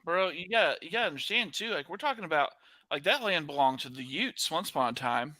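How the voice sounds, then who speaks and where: A young man riffing as a podcast co-host, his fairly high voice very bright and animated. He jokes and acts out little bits, recorded close and dry. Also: no room sound. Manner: joking, quick to riff and act out bits. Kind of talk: casual chat.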